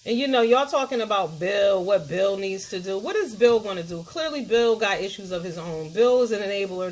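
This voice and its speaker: A middle-aged woman, ranting bluntly and profanely as a commentary vlogger, talking straight to her viewers. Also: mid-range voice.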